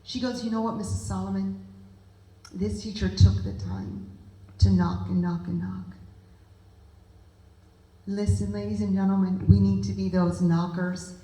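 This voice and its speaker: A woman's voice: mid-range voice, steady tone, unhurried, long pauses, dark tone, roomy sound, low-quality recording. A woman giving an earnest, emphatic talk to a group of parents, speaking directly to the audience. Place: meeting room with audience.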